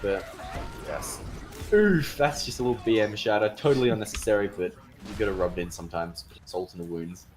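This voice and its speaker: A man casting a live esports match, chatty and excitable, breaking out in sudden cheers. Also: fairly low pitch, fairly quick, faint music behind. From Australia. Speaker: esports caster. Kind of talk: live esports play-by-play commentary.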